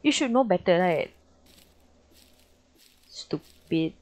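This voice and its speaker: A young woman with a Malaysian English accent, commentating a horror game, jumpy and swearing constantly with loud startled reactions. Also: fairly low pitch, animated, slow pace. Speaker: gaming streamer.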